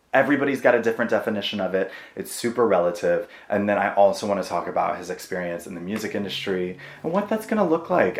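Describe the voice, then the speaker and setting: Excitable man host, echoey room. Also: fairly low pitch. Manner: excitable, swearing, laughs at himself. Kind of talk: casual chat.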